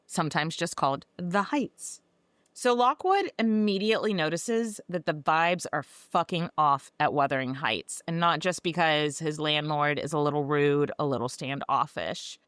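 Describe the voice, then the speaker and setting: A woman's voice: fairly low pitch, fairly bright tone, clean tone, dry recording, clean studio sound. A woman podcast host giving a casual, sarcastic and profane recap of a book.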